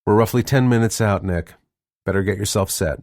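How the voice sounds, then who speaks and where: A man voicing a wry, calm female pilot. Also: on the low side, brisk, no room sound, studio quality, close to an everyday voice. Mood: brisk. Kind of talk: audiobook character reading.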